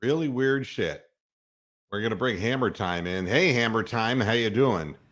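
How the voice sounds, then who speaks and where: A man's voice: lowish voice, normal speed, a bit bright. A man hosting a podcast, ranting sarcastically and swearing freely. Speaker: podcast host. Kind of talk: profane rant.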